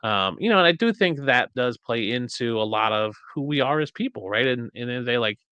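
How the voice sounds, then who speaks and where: A man hosting a podcast in a casual chat, telling stories in an animated way and acting out quotes. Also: medium pitch, brisk, smooth, no room sound, dull audio. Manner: animated storyteller, acts out quotes. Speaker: podcast host.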